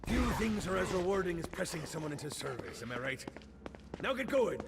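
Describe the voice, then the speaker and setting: An actor playing a boastful male pirate captain with a hammy, growling pirate accent and a gravelly voice, in game audio. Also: on the high side, very animated, brisk, noisy background. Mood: instructive. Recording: game audio with loud music.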